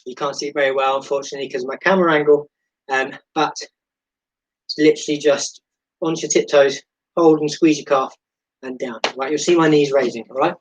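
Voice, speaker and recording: A man with a slightly higher-pitched voice coaches a home workout class over a live stream. He talks the viewers through each move with encouraging cues. Now and then he adds chatty, self-deprecating remarks. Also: steady tone, a little fast, poor audio. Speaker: fitness instructor.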